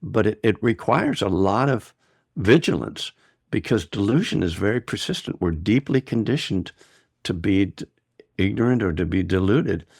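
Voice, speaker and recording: A male meditation teacher speaks in a very low, gravelly voice, relaxed and discursive as he teaches. The recording is dry and close. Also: moderate pace, no echo. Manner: relaxed and discursive, laughs easily. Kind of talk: dharma talk and chat.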